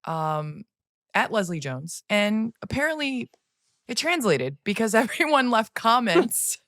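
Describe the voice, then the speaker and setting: A woman's voice: fairly high pitch, very animated, unhurried, a bit bright, dry recording, clean studio sound. A woman in her forties hosting a podcast, chatting playfully and laughing easily as she tells stories. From United States. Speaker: podcast host. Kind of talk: casual podcast chat.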